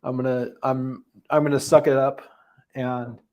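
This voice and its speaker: A man hosting a livestream recap, talking unscripted, halting and emotional with many restarts, audibly holding back tears. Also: mid-range voice, little pitch movement, dull audio. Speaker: livestream host giving a daily recap.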